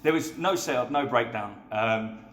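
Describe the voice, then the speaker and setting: A man in his thirties, a bartender guest telling lively anecdotes in a casual chat and acting out the quotes. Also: medium pitch, reverberant. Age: 30s. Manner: rapid, lively anecdotes with acted-out quotes and frequent laughs.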